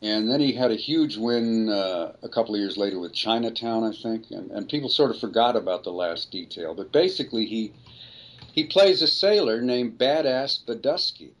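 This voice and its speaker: An older man speaks in a fairly low register, recounting career stories for an interviewer. He wanders and restarts his sentences, piling detail upon detail as he goes. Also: animated, normal speed, slight background noise, low-quality recording. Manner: rambling, self-correcting storyteller. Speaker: voice actor guest. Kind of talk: anecdotal interview storytelling.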